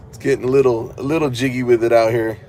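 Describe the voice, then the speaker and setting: A man's voice: medium pitch, flat delivery, fast, dark tone, a little hiss or hum. A tired man vlogging from inside his parked car, rambling to viewers with sarcastic asides. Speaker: cop-watch vlogger. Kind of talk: casual running commentary to viewers.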